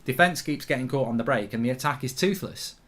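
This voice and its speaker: Man, watchalong host: excitable, blunt, swears freely, mid-pitched, casual live commentary. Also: quick pace. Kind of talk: casual live match commentary and chat reading.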